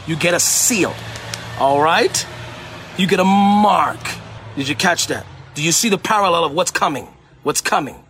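A man's voice: on the high side, fairly bright tone, slight background noise. A man from Puerto Rico preaching in an emphatic way, often repeating phrases for emphasis. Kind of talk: sermon-style teaching.

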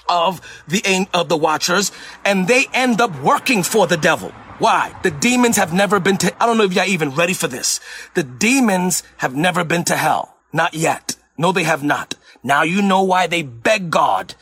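A man's voice: high-pitched, animated, moderate pace, fairly bright tone, slight background noise. A man from Puerto Rico preaching in an emphatic way, often repeating phrases for emphasis. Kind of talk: sermon-style teaching.

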